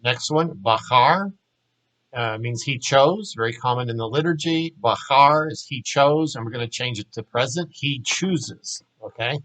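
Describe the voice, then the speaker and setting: A man's voice: mid-range voice, unhurried, fairly bright tone, low-quality recording. A man teaching a language lesson, patiently walking learners through verb forms and repeating each word for them. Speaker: Hebrew teacher.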